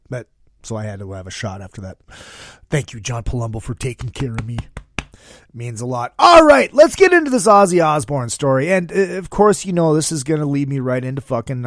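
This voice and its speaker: A man hosting a casual podcast, talking in a profane, excitable, jokey way. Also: mid-range voice, dry recording, clean studio sound. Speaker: podcast host.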